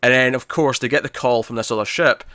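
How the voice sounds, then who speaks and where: A man co-hosting a casual TV review podcast, recapping scenes in an animated way and acting out quoted lines. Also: medium pitch, fast, no room sound, clean studio sound. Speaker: podcast co-host.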